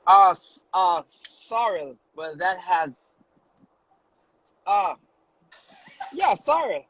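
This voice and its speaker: A man's voice: high-pitched, sing-song, very slow, a bit bright, breathy edge, no echo, highs cut off. A man with a Jamaican accent, a guest joking and slipping into patois during a casual interview from his car. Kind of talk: casual video-call interview. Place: in a car on a road trip.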